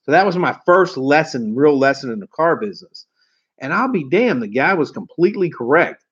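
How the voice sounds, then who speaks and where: A man's voice: on the high side, very animated, moderate pace, a bit bright, husky. A man, a car sales trainer telling rambling, salty stories to camera. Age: 40s. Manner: swearing, folksy, rambling storyteller. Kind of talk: storytelling to camera. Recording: dull lo-fi recording.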